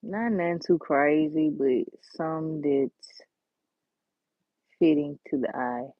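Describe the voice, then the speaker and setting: Casual nail vlogger, woman, low-set voice, folksy and chatty, slightly muffled and dry home recording. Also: big pitch swings, slow pace, creaky, no echo. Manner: chatty, folksy, addresses viewers as y'all and honey. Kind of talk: casual how-to chat.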